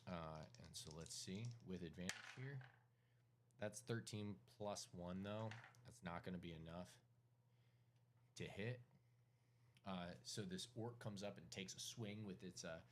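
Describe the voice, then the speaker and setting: Low-voiced man running a tabletop game. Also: a little hiss or hum. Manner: casual, halting, with many fillers and throat-clearing. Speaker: game master.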